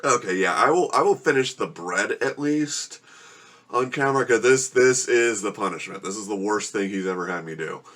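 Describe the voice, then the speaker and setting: A man with a somewhat low voice talks casually to the camera from his room at home. He groans and complains as he struggles through a very spicy meal. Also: expressive, moderate pace, a bit bright. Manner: groaning and complaining while eating spicy food. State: suffering from spicy food. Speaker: vlogger. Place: home room with a gecko habitat.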